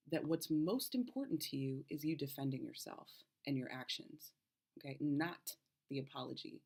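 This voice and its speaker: A woman's voice: sits low, darkish tone. A woman health coach in her thirties, explaining advice to camera and checking in with the viewer with a frequent "okay?".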